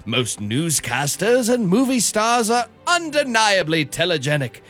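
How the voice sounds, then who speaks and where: A man putting on a high, lively pompous professor. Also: a little slow, heavily acted. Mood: theatrical lecturing. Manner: theatrical, lecturing. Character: pompous male professor moonlighting as a burger courier. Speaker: radio co-host. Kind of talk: radio morning show comedy bit.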